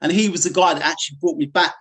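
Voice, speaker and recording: A man's voice: fairly high pitch, racing, fairly bright tone. A middle-aged man, a martial arts instructor, telling his life story candidly in an interview, rambling with frequent fillers and restarts. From United Kingdom.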